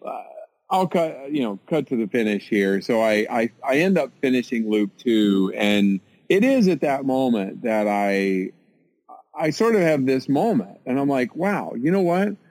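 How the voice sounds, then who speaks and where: American guy, mid-pitch voice, dry sound, rambling self-deprecating storyteller in an interview. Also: unhurried, no echo, poor audio. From United States. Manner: animated, self-mocking, many fillers and restarts.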